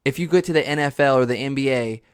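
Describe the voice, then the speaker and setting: A young man hosting his own podcast, telling a funny story solo in a loose, profane way, now and then jumping into high yelps. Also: fast talker, smooth, no room sound, studio quality. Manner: animated, swears a lot, jumps into high squeaky yells for emphasis. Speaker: podcast host.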